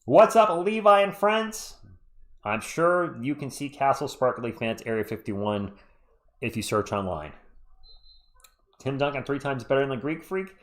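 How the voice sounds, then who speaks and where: A man's voice: mid-range voice, animated, a little slow. A man hosting a fan live stream of a basketball game, calling the plays while chatting with viewers in the chat, sounding a little congested. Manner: chatty, reads live chat between calls. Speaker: live stream play-by-play host. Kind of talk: fan play-by-play commentary with chat.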